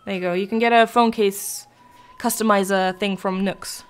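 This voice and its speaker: A woman's voice: mid-range voice, fairly even intonation, normal speed, clear, resonant tone. A young woman chatting casually while live-streaming a video game, rambling between thoughts and answering her chat.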